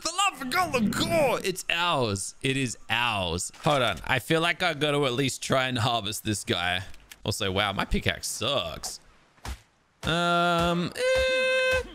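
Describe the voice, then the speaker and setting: Excitable young man, high and lively. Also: background noise. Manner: excitable, exclaims often, talks to viewers. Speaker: gaming channel host. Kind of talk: live gameplay commentary.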